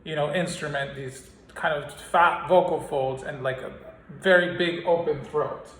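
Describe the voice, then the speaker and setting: A man's voice: a little high, steady tone, a little slow, fairly bright tone, slight background noise. A man teaching a singing lesson, explaining with analogies and singing scale exercises. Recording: roomy sound with piano behind. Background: piano.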